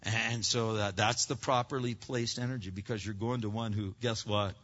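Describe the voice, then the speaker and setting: A man's voice: fairly low pitch, steady tone, normal speed, fairly bright tone. A man preaching a sermon as a pastor, talking conversationally with frequent restarts and repeated words. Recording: dull lo-fi recording.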